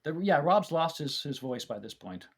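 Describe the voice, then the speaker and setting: A man's voice: a little high, very animated, moderate pace, husky. A man as a podcast guest, telling stories in a rambling way with many restarts. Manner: rambling, warm storytelling with many restarts and fillers. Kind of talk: casual chat, reminiscing.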